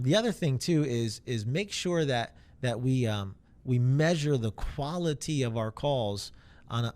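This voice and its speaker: A man's voice: mid-range voice, darkish tone. Chatty male sales trainer. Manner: conversational, rambling, many fillers. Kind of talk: informal training talk.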